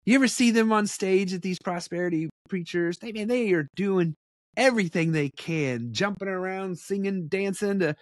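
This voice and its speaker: Animated man teaching the Bible, dry close mic. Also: high-pitched, normal speed, dry recording. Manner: conversational, animated, with blunt asides. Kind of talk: casual preaching and Bible study.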